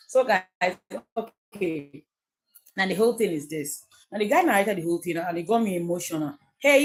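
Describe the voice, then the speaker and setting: A Nigerian woman hosting a casual livestream, chatty and emphatic, often repeating her key phrases. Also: medium pitch. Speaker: livestream host.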